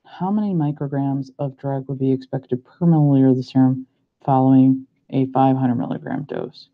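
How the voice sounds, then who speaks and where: Working through practice problems, a young male pharmacy student talks quietly to himself, taking his time and second-guessing each step. His voice sits in the mid range with fairly even intonation. It's captured on a muffled, lo-fi recording.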